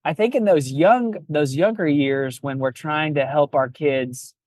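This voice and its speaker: A man's voice: on the high side, measured pace, a little mellow, dry recording. A man in his fifties, a pastor, talking reflectively on a podcast and often restarting his phrases. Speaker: pastor and guest. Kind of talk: casual podcast conversation.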